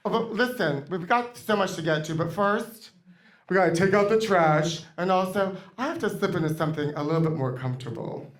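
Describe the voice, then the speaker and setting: A woman's voice: lowish voice, animated, a little fast, lightly acted. A woman playing a brash, vain diva pop star on stage, campy and rambling, calling everyone honey. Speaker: comedy guest in character. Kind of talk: live comedy stand-up in character. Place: theater stage with live audience.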